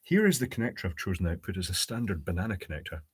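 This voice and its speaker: A man building a high-voltage circuit live at his workbench, thinking aloud, answering viewers' chat and dropping dry jokes. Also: big pitch swings, racing, slightly rough. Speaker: electronics hobbyist host. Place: home electronics workbench.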